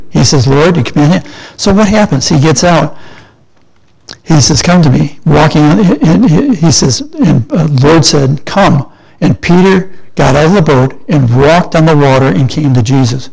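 Older guy preaching, gravelly voice, kinda high, asks the room questions then answers them. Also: a little mellow, poor audio. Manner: conversational, asks and answers his own questions. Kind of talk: sermon.

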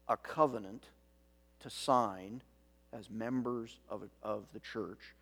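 A man preaching a sermon as pastor, measured and reflective, with rhetorical questions and dry asides. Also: mid-range voice, breathy edge. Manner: dry, self-aware asides.

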